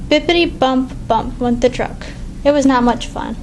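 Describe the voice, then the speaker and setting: High-voiced woman reading a storybook. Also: normal speed, darkish tone, slight background noise, poor audio. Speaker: reader. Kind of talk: reading a picture book aloud.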